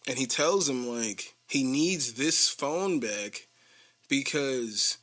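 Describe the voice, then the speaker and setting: A man's voice: medium pitch, lively intonation, slow, fairly bright tone. Casual man rambling through a TV recap. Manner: rambling, acts out quoted lines, laughs often. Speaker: podcast host.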